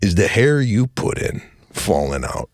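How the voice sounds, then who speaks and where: A middle-aged man hosting a casual comedic chat, telling stories with animated delivery and acting out both sides of each exchange. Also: on the low side, a little slow, no room sound, clean studio sound. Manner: animated storytelling, acts out exchanges, says "bro". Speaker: comedian host.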